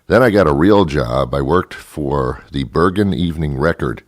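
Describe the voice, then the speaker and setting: Grumpy deep-voiced man. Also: animated, normal speed, hardly any pauses, no room sound, studio quality. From New Jersey. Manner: grumpy, sardonic, rambling. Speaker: show host. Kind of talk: comedic monologue.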